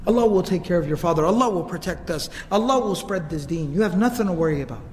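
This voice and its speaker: Man playing a steady, dignified father. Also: high-pitched, quick pace, long reverb tail, a little hiss or hum. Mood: consoling. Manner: earnest, repeats words for emphasis.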